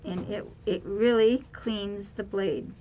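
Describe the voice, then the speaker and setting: A woman's voice: medium pitch, fairly even intonation, takes it slowly, mellow, lo-fi sound, a little hiss or hum. A woman hosting a casual craft tutorial, explaining step by step in a chatty way with frequent repeats and fillers. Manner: chatty, repeats words, addresses viewers as guys. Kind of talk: casual how-to demonstration.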